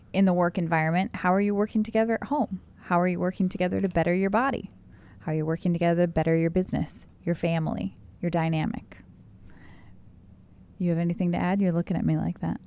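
A woman co-hosting a podcast with her husband, a self-described fast talker in casual chat. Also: fairly low pitch, a little mellow, smooth. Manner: fast-talking, laughs often. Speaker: podcast co-host.

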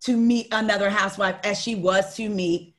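A woman's voice: medium pitch, steady tone, a bit bright. A woman co-hosting a casual gossip podcast about reality TV. She speaks, chimes in often to agree and laughs easily. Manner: agreeable, quick to laugh and back others up. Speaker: podcast co-host.

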